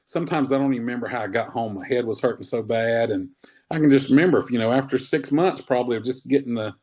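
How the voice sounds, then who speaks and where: A man in his fifties, a wrestler telling old stories in a relaxed, rambling way during an interview. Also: medium pitch, fast, husky. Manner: rambling, laid-back, says man often. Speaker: wrestler guest. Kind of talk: casual interview storytelling.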